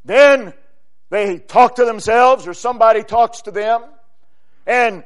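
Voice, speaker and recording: A male preacher with a very high voice delivers a sermon at an unhurried pace. He is emphatic, rising to loud exclamations and then dropping to quiet, low phrases.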